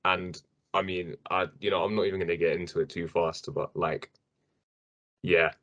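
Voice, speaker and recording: Young man, podcast host, very low voice, casual rambling chat. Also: flat delivery, normal speed, a bit bright, highs cut off. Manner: chatty, rambling with fillers and restarts.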